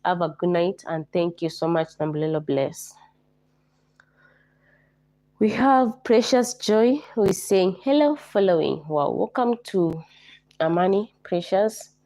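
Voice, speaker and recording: Kenyan woman, livestream host, hoarse with flu, low mellow voice, repeats herself, greets viewers by name. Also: expressive, measured pace. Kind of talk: casual livestream chat.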